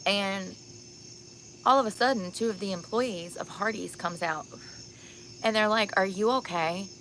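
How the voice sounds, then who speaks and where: A woman's voice: medium pitch, a little slow, a bit bright, slight background noise. A tired, sunburnt woman vlogging outdoors at night, telling stories bluntly and candidly and laughing often. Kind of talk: casual outdoor storytelling vlog.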